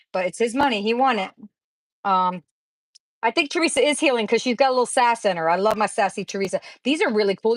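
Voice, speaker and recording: A woman's voice: on the high side, no echo, poor audio. A woman hosting a craft livestream, chatting casually with viewers and gushing over the crafts she opens, in a rambling way. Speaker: craft channel host.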